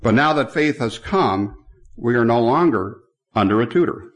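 A man's voice: medium pitch, expressive, moderate pace. A man preaching a sermon in a church, reading scripture aloud and speaking to the congregation.

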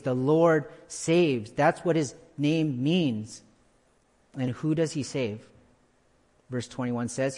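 A pastor preaching a sermon to his church, repeating key phrases for emphasis and slowing down to stress them. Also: on the high side. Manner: slows down for emphasis. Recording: long hall reverb.

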